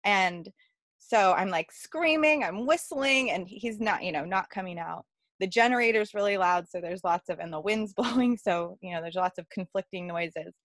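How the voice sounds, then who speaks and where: A woman's voice: on the low side, moderate pace, no echo. A woman telling a personal story in a casual, chatty way, with many fillers and frequent laughter. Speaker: workshop participant.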